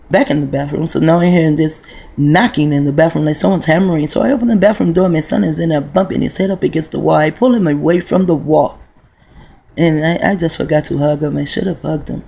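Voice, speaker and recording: A woman's voice: lowish voice, gravelly, a little mellow. A woman in her forties telling a long, rambling, profane story in a casual vlog monologue, full of restarts. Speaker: vlogger.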